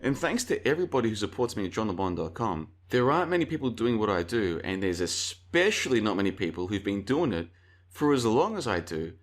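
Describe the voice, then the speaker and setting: A man's voice: fairly low pitch, very animated, a little fast. A man hosting a casual commentary video, rambling through anecdotes and calling his viewers folks. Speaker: video host.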